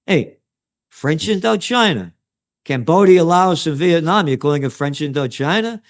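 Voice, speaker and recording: A man's voice: on the high side, animated, moderate pace. An older man from the Bronx with a New York accent, a trend forecaster ranting sarcastically and crudely as an interview guest. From New York City (the Bronx). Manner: sarcastic, crude, mocking asides. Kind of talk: heated interview rant.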